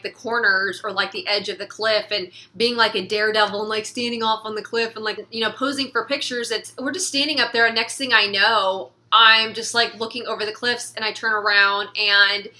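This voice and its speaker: A woman's voice: on the high side, bright, forceful tone. A young woman vlogging in a casual, rambling chat to camera, laughing often and filling with "like". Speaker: beauty vlogger.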